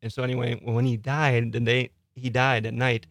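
An older man, a soft-spoken guest in a radio studio, talking quietly and laughing often. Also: medium pitch, little pitch movement, moderate pace, creaky, dry recording. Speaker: studio guest, ghost tour guide. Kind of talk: casual interview.

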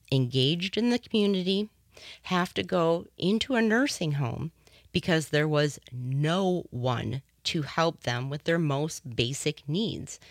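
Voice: medium pitch, no echo. A radio talk show host giving impassioned, personal commentary into a studio microphone.

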